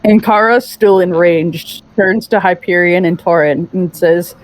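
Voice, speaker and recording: A woman playing a tabletop role-playing game, narrating her character's actions slowly and deliberately. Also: lowish voice, fairly even intonation, no room sound, poor audio. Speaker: player.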